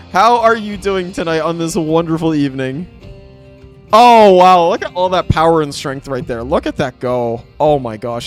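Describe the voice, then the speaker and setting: Excitable high-pitched gamer guy. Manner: excitable, animated, playful. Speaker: streamer. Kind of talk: live game commentary with chat.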